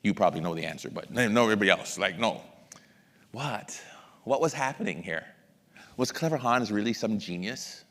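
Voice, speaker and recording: A middle-aged man presenting at an education masterclass, who addresses the audience directly and acts out examples in a lively lecture. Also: lowish voice, fast, creaky. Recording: long hall reverb.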